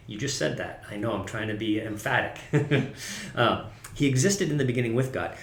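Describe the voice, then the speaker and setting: A man's voice: lowish voice, expressive, fairly quick, vocal fry. Casual pastor man in an echoey room. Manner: conversational, self-correcting, laughs at himself. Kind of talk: casual sermon.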